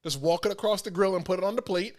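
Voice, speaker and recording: A man with a fairly high voice hosts a casual chat podcast. He is an animated storyteller who acts out the voices of the people in his stories. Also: quick pace, a little hiss or hum. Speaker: podcast host.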